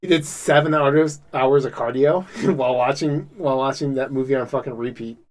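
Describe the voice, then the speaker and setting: A man's voice: mid-range voice, moderate pace, darkish tone. Rambling, profane male podcast host. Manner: rambling, heavily profane, enthusiastic. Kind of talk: casual chat.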